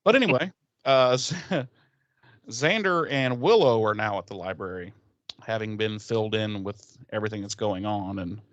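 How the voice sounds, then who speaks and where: Low-voiced man recapping casually. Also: moderate pace, fairly bright tone, no room sound, lo-fi sound. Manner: loose, profane retelling with many fillers. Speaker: podcast co-host. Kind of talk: casual episode recap chat.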